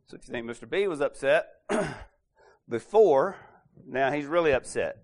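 A man casually retelling an anecdote, clearing his throat often and acting out the quoted lines. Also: a little high, lively intonation, a little slow. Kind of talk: casual storytelling talk.

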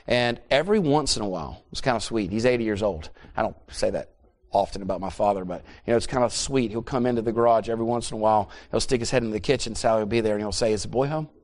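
A man's voice: lowish voice, fast, a little mellow. A middle-aged man preaching a sermon, emphatic and repeating phrases for emphasis.

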